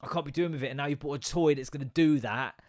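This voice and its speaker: A man's voice: a little high, fast talker, a little mellow. A man in his thirties hosting a solo comedy podcast, ranting and swearing with self-mocking asides.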